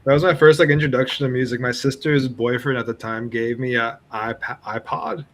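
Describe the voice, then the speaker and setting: A young man in his twenties, a guest writer, talking in a relaxed, filler-heavy way on a podcast. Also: mid-range voice, fairly quick. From New York. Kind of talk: casual podcast chat.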